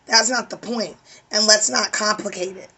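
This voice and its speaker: Woman tarot reader, emphatic and preachy, tired voice, bright and breathy. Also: mid-range voice, steady tone, moderate pace. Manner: preachy, emphatic, swears casually. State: weary voice. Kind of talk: spiritual tarot reading.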